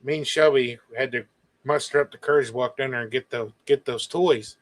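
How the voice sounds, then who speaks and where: 男性の語り手、生き生きと体験談を語る. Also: male voice, mid-range voice, brisk, poor audio. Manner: animated, quoting others in lively bursts. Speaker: guest. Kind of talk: casual storytelling.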